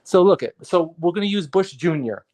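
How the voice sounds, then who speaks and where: A man's voice: sits high, brisk. Ranting man on a podcast. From New York area. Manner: animated, profane, ranting with repetitions. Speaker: guest artist and photographer. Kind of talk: casual podcast conversation.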